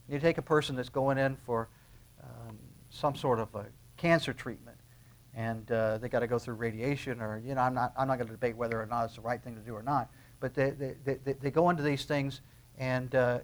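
Speaking at medium pitch, a pastor delivers a sermon in a conversational style. He plays out small dialogues and moves back and forth between hushed asides and loud emphasis.

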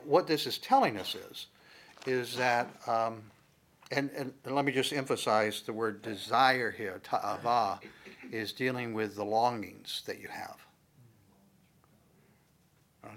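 A male pastor teaches from the Bible in a sermon, speaking to the congregation in a loose, conversational way before pushing certain words out with a louder, emphatic lift. His pitch is an ordinary middle range for a man, and there's a little hiss or hum.

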